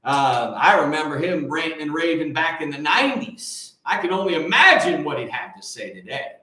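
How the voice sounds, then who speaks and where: Here a fortyish livestream host from Michigan, USA, speaks at normal speed in a slightly high, sing-song voice that sounds bright and forceful. He welcomes viewers by name and drifts into preachy rambling, all captured in a very echoey room.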